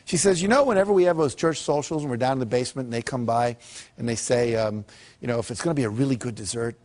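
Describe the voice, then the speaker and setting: An older man gives a motivational talk. He tells his stories with energy and briefly acts out the people in them. His voice sits at a middle pitch. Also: fast. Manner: lively storyteller who acts out quoted characters. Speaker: motivational speaker.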